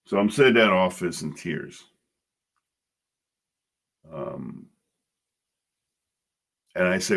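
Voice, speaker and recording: A man's voice: low voice, animated, takes it slowly, vocal fry, long pauses, fairly bright tone, slightly rough. A middle-aged man hosting a podcast, telling his own story bluntly and emotionally, swearing freely. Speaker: podcast host. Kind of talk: personal storytelling monologue.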